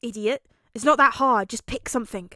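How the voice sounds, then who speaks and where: Brief: woman doing a shouty, brash teen boy, snappish, dry read. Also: fairly high pitch, animated, normal speed, no room sound. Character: loud brash teenage boy, hot-tempered.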